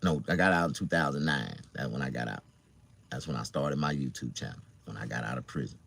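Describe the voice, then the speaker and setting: A man's voice: extremely low pitch, brisk, gravelly, fairly bright tone, husky. A middle-aged man with a Southern US accent, telling his life story casually to his viewers, loose and profane with lots of fillers.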